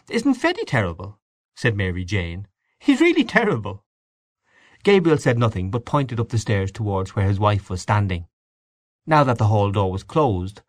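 A man giving a measured, expressive audiobook narration of a story. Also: on the low side, no echo, studio quality. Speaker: audiobook reader. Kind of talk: scripted narration.

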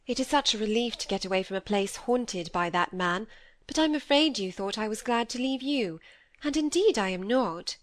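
A woman reading aloud, voicing a lively, charming young woman with a breezy, coaxing manner in a storybook. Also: on the high side, normal speed, lightly acted.

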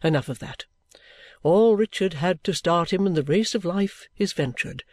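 A man reading the part of a kindly older male guardian in an audiobook, speaking in a cordial, measured, fatherly way. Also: high-pitched, expressive, dry recording. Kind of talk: audiobook reading of a classic novel.

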